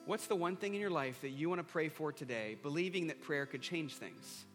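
High, bright-voiced pastor in a reverberant hall. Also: male voice, fairly quick. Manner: earnest, repeats a refrain, leads a prayer line by line. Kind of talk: sermon with altar call. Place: church hall before a congregation. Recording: long hall reverb with soft guitar.

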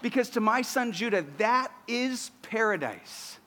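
A man in his thirties delivering an earnest sermon, his voice pitched high for a man. He builds steadily toward emphatic, declarative lines. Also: animated, measured pace, sharp tone, in a large hall. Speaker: pastor.

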